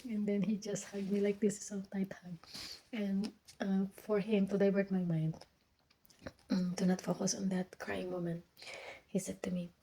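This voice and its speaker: Filipina woman telling a story, mellow voice. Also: mid-range voice, little pitch movement, a little hiss or hum, rough recording. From Philippines. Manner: halting, many restarts and fillers, drifts into whispers. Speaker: vlogger. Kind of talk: casual storytelling vlog.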